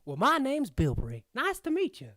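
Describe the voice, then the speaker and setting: A woman's voice: high-pitched, wildly swooping pitch, moderate pace, a bit bright, pitched above the performer's own voice, full character voice. Woman doing a folksy old gnome prospector. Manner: folksy exclamations, stammering.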